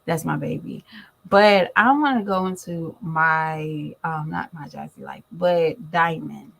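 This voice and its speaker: A middle-aged woman vlogging in a relaxed, chatty way, calling her viewers y'all as she tells a family story. Her voice sits low with a gravelly fry and a husky edge. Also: takes it slowly, low-quality recording. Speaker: vlogger and mother. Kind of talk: casual chat to viewers.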